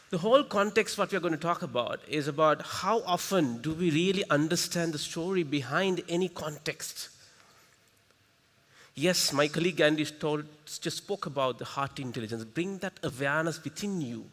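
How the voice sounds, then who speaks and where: In a reverberant conference hall, a male Sri workshop facilitator with a higher-pitched voice delivers an interactive talk. His crowd-work is punchy and lively, full of quick rhetorical questions that coax the audience along.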